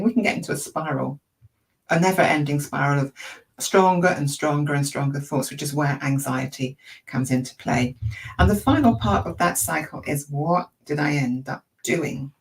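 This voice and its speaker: Croaky, gravelly woman coaching her audience. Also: deep voice, normal speed, recorded from a distance, rough recording. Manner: chatty and encouraging, full of rhetorical questions. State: croaky throat. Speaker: emotional intelligence coach. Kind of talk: informal teaching talk to an online audience.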